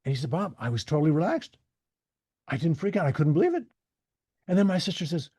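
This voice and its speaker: A man, a podcast guest, telling stories in a casual, animated way and acting out the voices of the people he quotes. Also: a little high, fast, long pauses, husky, dry recording. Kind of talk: casual storytelling.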